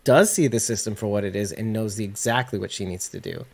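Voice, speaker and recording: A man's voice: on the low side, fast, gravelly, darkish tone, breathy edge. A man hosting a podcast, musing on points and passing the floor to each guest. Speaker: podcast host. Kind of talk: casual chat.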